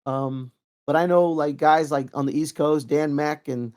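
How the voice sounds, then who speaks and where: A man's voice: a little high, unhurried. A middle-aged man telling training stories in a casual, rambling way, full of fillers and restarts. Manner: rambling, lively anecdotes with many fillers. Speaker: interview guest, Kempo practitioner. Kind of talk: casual storytelling.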